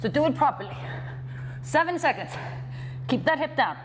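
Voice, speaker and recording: Breathless woman fitness coach, high voice, echoey hall, cheering people on through the workout. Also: animated, moderate pace, background noise. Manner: encouraging, breathless between exercises. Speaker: fitness trainer.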